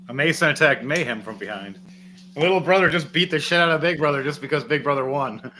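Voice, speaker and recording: A man running a tabletop wrestling game who calls the action play-by-play as if he were commentating. His voice is bright and forward, and there is a faint noise behind him. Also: on the high side, fast talker, low-quality recording. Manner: play-by-play, lively, laughing. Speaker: game master.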